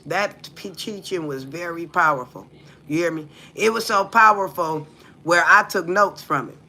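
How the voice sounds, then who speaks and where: A woman streamer from the United States talks bluntly, with plenty of profanity, and keeps firing questions at her viewers. Her voice is gravelly with heavy fry, and it sits very bright and tense at the front. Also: lowish voice, normal speed. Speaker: livestream host. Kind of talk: casual livestream talk.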